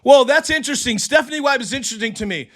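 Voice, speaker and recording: A middle-aged man hosting a live sports stream, ranting and yelling into his mic with a voice that is going hoarse. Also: extremely high pitch, fast talker. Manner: heated, yelling, profane. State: losing his voice. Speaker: sports livestream host. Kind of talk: ranting live sports commentary, reading chat. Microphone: desk mic for a livestream.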